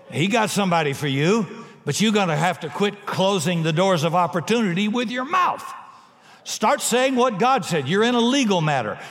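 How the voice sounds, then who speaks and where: A man preaching a sermon in a large church, his emphatic voice sitting a little high for a man. He mixes forceful declarations with humorous asides. A long reverb from the hall trails every phrase. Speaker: pastor.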